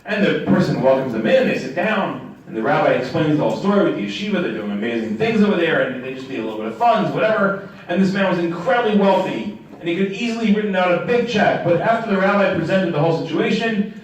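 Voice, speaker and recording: Animated rabbi in a roomy echo. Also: male voice, high voice, quick pace. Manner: animated storytelling, acting out quoted characters. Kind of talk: sermon. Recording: echoey room from a distant mic.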